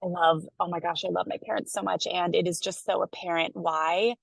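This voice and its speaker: A woman's voice: on the low side, fairly even intonation, a little fast, creaky, husky, no room sound. A woman, a mother, hosting a parenting chat and talking in an earnest, encouraging way, often checking in with "right?". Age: adult mother of children. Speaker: host and parenting coach. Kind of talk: casual interview chat.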